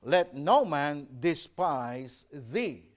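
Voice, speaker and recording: A man's voice: fairly high pitch, sing-song, very slow. A man preaching a sermon, earnest and emphatic, reading scripture aloud and stressing his warnings. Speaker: pastor.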